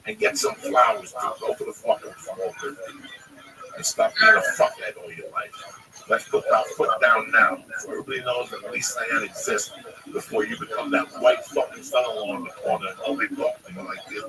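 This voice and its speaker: Blunt foul-mouthed man, gravelly. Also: mid-range voice, expressive, fairly quick, crowd noise. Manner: blunt, heavy swearing, preachy advice. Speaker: livestream host. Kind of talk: profane storytelling and ranting. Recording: distant mic in loud noise.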